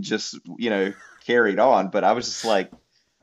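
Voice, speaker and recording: A man's voice: fairly low pitch, steady tone, a little slow, muffled recording. A man telling a trip story in casual conversation, rambling with many fillers. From United States.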